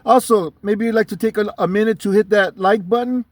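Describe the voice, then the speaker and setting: A man's voice: high voice, steady tone, a little fast, no room sound. A man hosting his channel, casually telling a story to camera in street slang, with frequent restarts. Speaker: channel host.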